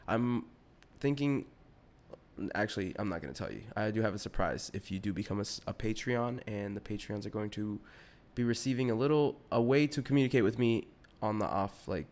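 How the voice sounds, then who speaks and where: A man's voice: on the low side, brisk, a little mellow. A young adult man hosting a podcast solo, rambling in a slangy, profane, casual way. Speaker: podcast host.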